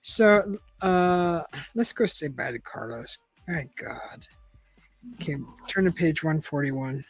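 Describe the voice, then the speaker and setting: A woman's voice: deep voice, lively intonation, takes it slowly, dry recording, soft background music, rough recording. A woman reading an adventure book aloud in a casual, chatty way, breaking off for laughing asides. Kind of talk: casual read-aloud chat.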